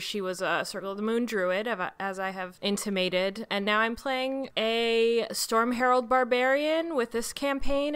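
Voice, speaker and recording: A woman's voice: medium pitch, a bit bright, smooth. A woman in casual podcast chat, self-deprecating, laughing and swearing freely. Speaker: podcast player introducing herself.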